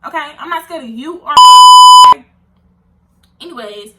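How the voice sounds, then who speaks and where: A young woman, telling an animated, indignant storytime vlog full of slang. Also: high voice, unhurried, heavy background noise. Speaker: vlogger.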